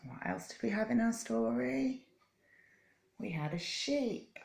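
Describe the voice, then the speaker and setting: A woman hosting a children's story time, reading slowly and coaxing little listeners to join in. Her voice has a gravelly edge, and the room around her rings with echo. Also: a little high, animated. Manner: slow, gentle, coaxing, invites children to join in; teaches simple hand signs step by step. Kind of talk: reading a picture book aloud to young children. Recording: echoey room.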